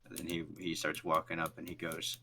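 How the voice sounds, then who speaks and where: A man's voice: deep voice, completely flat delivery, a little fast, bright, forceful tone. A man narrating as game master, rambling through descriptions with lots of fillers.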